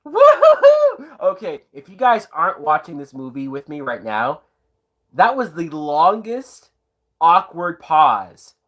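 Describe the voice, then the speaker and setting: Tipsy man, animated sarcastic commentary. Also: on the high side, a little slow. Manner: sarcastic, profane, incredulous; bursts into whooping laughter. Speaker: movie reviewer. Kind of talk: live movie watch-along commentary.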